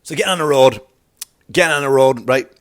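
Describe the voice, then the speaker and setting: A man's voice: mid-range voice, brisk. A middle-aged man hosting a comedy podcast, riffing in a rambling, profane monologue and laughing at his own jokes.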